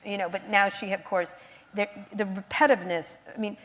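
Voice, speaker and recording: A woman's voice: mid-range voice, steady tone, fairly quick, fairly bright tone. A woman journalist talking as a guest on stage, telling blunt, sardonic stories and mimicking other people. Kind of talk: live on-stage conversation. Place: stage in an event hall.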